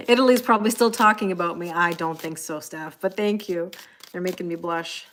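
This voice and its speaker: A woman's voice: on the low side, moderate pace, a bit bright, slight background noise. A woman in her forties, a tarot reader, chatting on a live stream, laughing often and answering viewer comments.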